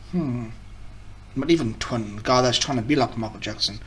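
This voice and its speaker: A man's voice: mid-range voice, normal speed, fairly bright tone, far from the mic. A man hosting a casual reaction video, rambling, correcting himself mid-sentence and mocking what he reacts to.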